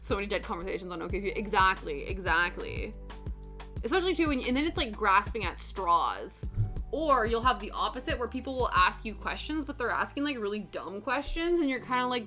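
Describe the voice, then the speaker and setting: Woman streamer, casual rambly chat, middle pitch, soft music under her. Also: lively intonation, a little fast. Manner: chatty, rambling, lots of "like" and acted-out quotes. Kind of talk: casual chat while cross stitching, reading chat. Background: soft background music.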